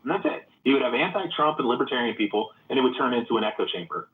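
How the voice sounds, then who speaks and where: A man's voice: medium pitch, very fast, echoey room. A man in a heated casual debate in a live audio chat room, telling rambling stories full of profanity. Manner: profane, rambling, animated storytelling. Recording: phone-like narrow audio.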